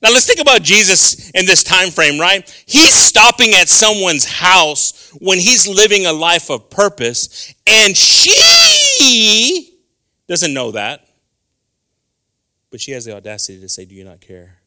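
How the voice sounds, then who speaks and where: A middle-aged man preaching a sermon in church, animated and switching between English and Spanish, acting out dialogue as he goes. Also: high voice, slow. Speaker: pastor. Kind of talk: bilingual sermon. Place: church sanctuary.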